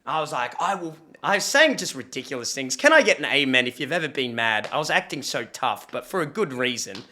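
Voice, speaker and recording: A young man streaming, reacting to videos and telling a story in casual chat, animated and swearing freely. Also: medium pitch, a little fast.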